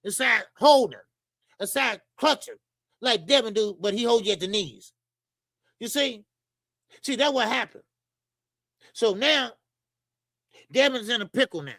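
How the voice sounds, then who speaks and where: Blunt, bright-voiced boxing host. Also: medium pitch, lively intonation, measured pace, long pauses, dry recording. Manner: blunt, profane ranting at viewers; repeats lines for emphasis. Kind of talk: opinionated boxing commentary.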